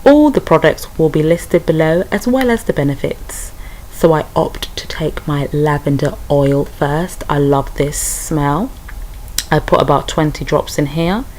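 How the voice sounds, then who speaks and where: A woman's voice: low-pitched, unhurried, darkish tone, slight background noise, poor audio. A young British woman chatting through a hair care tutorial, talking straight to her viewers. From United Kingdom. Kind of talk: casual tutorial.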